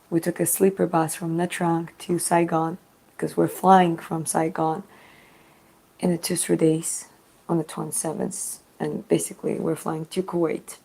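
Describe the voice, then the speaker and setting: Hoarse, low-voiced woman live streaming. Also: level tone, rough recording. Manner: soft and halting, many fillers. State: voice hoarse and deeper from losing it. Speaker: travel vlogger live streaming. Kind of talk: casual live stream chat. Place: small studio apartment indoors.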